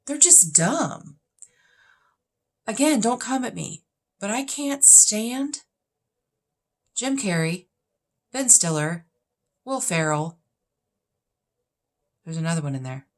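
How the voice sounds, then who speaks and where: This woman's medium-pitched voice has lively intonation, though she speaks slowly and often pauses. In her fifties and vlogging, she chats casually through a set of questions, opinionated, blunt, and heavy on emphasis.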